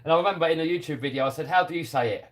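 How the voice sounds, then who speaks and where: A British man talks casually on a live stream, reading out viewer comments while he works on a model car. His voice sits slightly high for a man, and he laughs easily. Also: rapid-fire. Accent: British English. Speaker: RC hobby YouTuber reading live chat.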